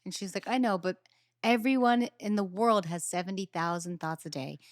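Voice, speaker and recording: A woman's voice: mid-range voice, normal speed, dry recording, clean studio sound. A young adult woman hosting a podcast in casual chat, telling stories with acted-out quotes and casual swearing. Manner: animated storyteller, acts out quotes, swears casually. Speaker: podcast host.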